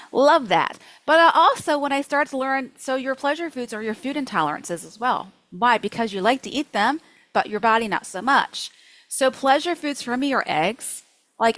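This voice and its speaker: A woman's voice: on the high side, no room sound, poor audio. Chatty upbeat woman coach, dry sound. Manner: lively, chatty, acts out her own inner thoughts. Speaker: nutrition coach. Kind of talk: workshop teaching.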